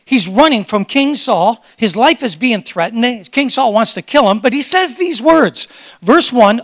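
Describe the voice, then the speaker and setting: A high-pitched, bright-toned man preaching a sermon as pastor. His voice has a gravelly edge and swings widely in pitch. He talks in an animated, excitable way and keeps his congregation responding. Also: moderate pace.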